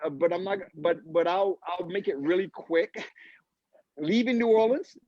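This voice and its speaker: A man, a golf instructor, telling a story in an animated way on a live video call, acting out the other people's voices. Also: sits high, unhurried. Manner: acts out quoted voices, laughs mid-story. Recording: dull lo-fi live stream audio.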